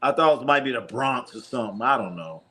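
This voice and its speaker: A man's voice: medium pitch, lively intonation, quick pace, pushed and bright. A man hosting a live basketball watch party, calling plays casually, reading chat questions and joking with viewers, often repeating himself. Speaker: sports watch-party streamer.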